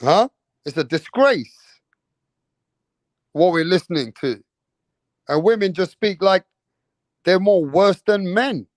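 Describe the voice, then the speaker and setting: A man's voice: high-pitched, expressive, slow, pauses often, dry recording. A man, a boxing channel host, ranting indignantly in heated casual commentary with heavy swearing.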